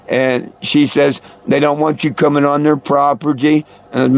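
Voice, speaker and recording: A man with a higher voice and a steady, unhurried tone hosts a live stream. Telling his viewers a long story in a casual, rambling manner, he repeats himself and chuckles between lines.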